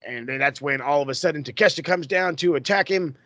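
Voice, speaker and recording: A man hosting a podcast, recapping in a casual, excitable, profane way that rambles. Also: a little high, fast talker, no echo. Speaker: podcast host.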